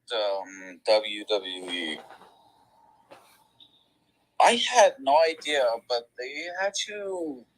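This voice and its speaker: A man's voice: medium pitch, pushed and bright, poor audio. A man calling in to ask a host a question, hesitant and stammering with many fillers. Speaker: caller.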